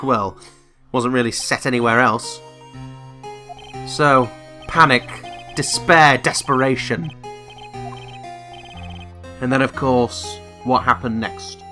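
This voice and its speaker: A man's voice: mid-range voice, sharp tone, faint music behind. A man giving sarcastic, sweary commentary while playing a video game. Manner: mocking and sweary, with drawn-out asides. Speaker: video game let's player.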